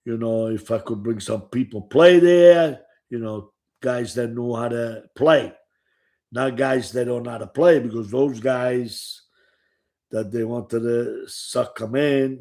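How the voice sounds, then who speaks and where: With a creaky, slightly mellow mid-range voice, an older man who used to gamble recounts his past. The storytelling is casual and rambling, sprinkled with profanity and repeated "you know"s.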